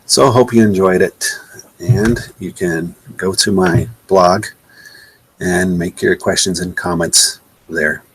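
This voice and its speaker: Deep gravelly man, indignant. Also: fairly even intonation, slow, poor audio. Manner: indignant, sarcastic, repeating himself. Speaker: presenter. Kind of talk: live webcast slideshow talk.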